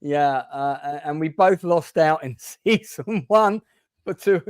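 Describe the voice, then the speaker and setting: A man's voice: fairly high pitch, takes it slowly, no room sound, studio quality. A British man hosting a casual online chat show, rambling and hesitant with plenty of fillers. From Britain. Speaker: host.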